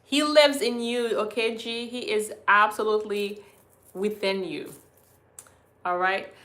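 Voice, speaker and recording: A Haitian woman whose native tongue is Haitian Creole hosts a hospice livestream, reading out viewer comments and warmly calling everyone her beautiful people. Her voice sits at a medium pitch, slightly bright, with fairly even intonation and an unhurried pace.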